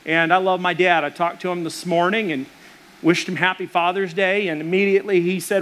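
High-voiced casual male pastor. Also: steady tone, brisk, fairly bright tone. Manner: casual storytelling with fillers. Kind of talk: sermon.

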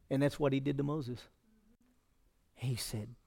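A man's voice: medium pitch, steady tone, unhurried, vocal fry, long pauses, warm tone. A male pastor preaching a sermon in a folksy, conversational way.

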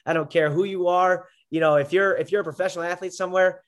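A man's voice: high voice, steady tone, fast. A young man, a podcast guest and former wrestler, telling stories casually with lots of fillers and restarts. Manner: rambling, filler-heavy storytelling. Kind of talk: casual conversation.

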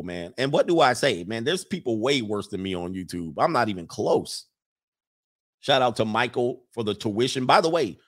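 A man's voice: medium pitch, fairly bright tone. A man hosting a casual livestream, reading viewer comments and rambling through blunt opinions with frequent laughs.

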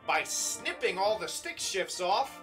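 A man's voice: high voice, very animated, slow, a bit bright, faint music behind, full character voice. A man voicing a brash car dealer in a spoof radio ad, with salesman patter. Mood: salesy.

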